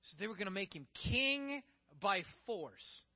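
A man's voice: high-pitched, expressive, measured pace. A male pastor preaching a sermon in a conversational way, acting out the quotes he tells. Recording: dull, muffled recording.

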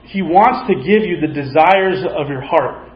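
A man's voice: fairly high pitch, measured pace. A man giving a sermon, telling a movie story and acting out its characters' lines. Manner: storytelling, acts out quoted characters. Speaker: preacher. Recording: echoey, slightly dull sound.

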